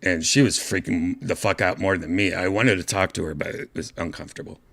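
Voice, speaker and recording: A man's voice: sits low, steady tone, a little fast, gravelly, fairly bright tone. A man hosting his own show, telling a rambling story and putting on voices for the people in it. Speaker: podcast host. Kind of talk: casual storytelling vlog.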